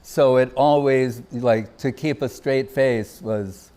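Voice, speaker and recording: A man with a medium-pitched voice takes his time delivering a devotional festival talk at a temple gathering. The Gaudiya Vaishnava speaker shares anecdotes, laughs warmly, and performs the voices of those he quotes.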